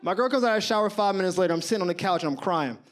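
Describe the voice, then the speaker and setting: Stand-up comic, man in his thirties, high and lively delivery, slangy, laughs at his own punchlines. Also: rapid-fire. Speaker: stand-up comedian. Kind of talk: stand-up comedy storytelling. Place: comedy club stage with live audience.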